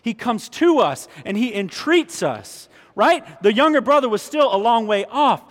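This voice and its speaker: A man preaching a sermon as pastor, animated and emphatic, often restarting his phrases. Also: extremely high pitch, moderate pace. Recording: long reverb of a large hall.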